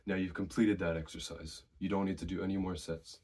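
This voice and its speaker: Very low-voiced man giving gym advice. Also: a little fast. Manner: relaxed, conversational, shares personal experience. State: slightly out of breath. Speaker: fitness vlogger. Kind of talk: casual advice to camera.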